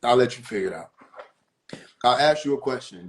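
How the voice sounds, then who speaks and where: Animated and brisk, a man with a mid-range voice teaches spirituality casually on his live stream in a preachy style. He repeats himself for emphasis and poses questions to the viewers.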